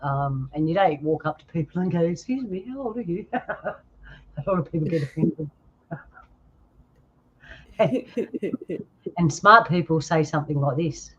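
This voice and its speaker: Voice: mid-range voice, animated, a little slow, long pauses, fairly bright tone, breathy edge. A host in their fifties, chatting casually on a video call livestream and laughing often. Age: 50s. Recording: dull lo-fi stream audio.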